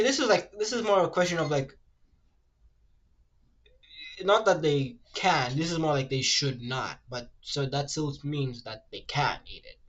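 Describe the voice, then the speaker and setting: A man streaming casually while he draws, rambling and ranting, swearing freely and reading web answers aloud in a quick mumble. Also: a bit bright. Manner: rambling, ranty, swears freely, fillers like "low-key" and "like"; reads web search results aloud in a rushed mumble. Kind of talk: casual livestream chat while drawing.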